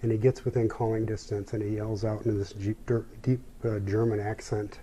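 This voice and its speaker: A man telling a personal story as an interview guest, in a reflective, unhurried way. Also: lowish voice, little pitch movement, mellow, husky.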